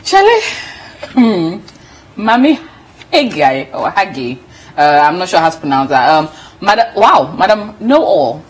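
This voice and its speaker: A woman's voice: on the low side, moderate pace, slightly rough, poor audio. A woman co-hosting a TV entertainment show, chatting casually and reading out comments with frequent laughter. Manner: animated, laughs often, reads comments aloud. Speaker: TV show co-host.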